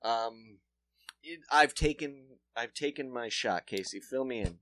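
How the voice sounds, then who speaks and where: A man's voice: mid-range voice, measured pace, a bit bright, no room sound. A man co-hosting a comedy podcast, telling profane, self-mocking stories in casual chat. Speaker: podcast co-host.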